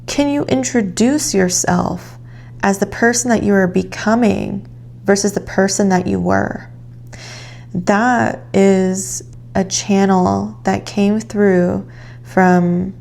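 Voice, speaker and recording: Calm lady doing a tarot reading, talks real slow, bit of vocal fry, gentle guiding tone. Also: mid-range voice. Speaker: tarot reader.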